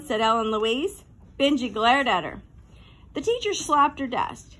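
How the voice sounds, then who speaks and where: High-voiced woman narrating a children's book. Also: sing-song, measured pace, fairly bright tone. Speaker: audiobook narrator. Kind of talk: storybook narration.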